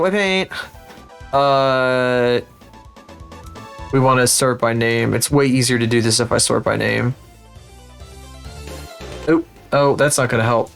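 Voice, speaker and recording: A man's voice: mid-range voice, creaky, clear, resonant tone. A man streaming live, chatting casually and with lots of swearing while he works through 3D rigging and talks to his viewers. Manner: profane, rambling, sarcastic, talks to viewers.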